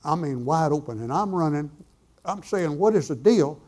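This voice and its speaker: A man's voice: on the high side, expressive, moderate pace, a little mellow. Folksy man telling a sermon story. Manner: folksy, conversational storytelling with dialogue. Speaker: preacher telling a testimony.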